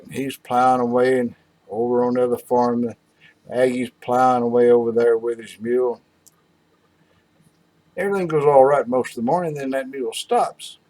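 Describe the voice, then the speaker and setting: A man's voice: medium pitch, darkish tone. A man telling a long joke in a folksy, rambling way. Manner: drawling, rambling storyteller.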